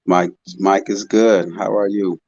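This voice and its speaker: A man's voice: low voice, little pitch movement, measured pace, a little mellow, dry recording, lo-fi sound. A man hosting a live online panel, musing aloud and greeting chat members by name. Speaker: host of a live panel stream. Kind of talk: casual live-stream chat.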